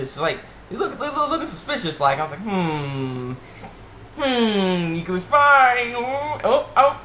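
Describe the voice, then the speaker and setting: Rambling man recapping a show in an echoey room. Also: on the high side. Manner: rambling and excitable, full of fillers and restarts. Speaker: TV episode reviewer. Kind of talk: casual episode recap. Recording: echoey room with faint background noise.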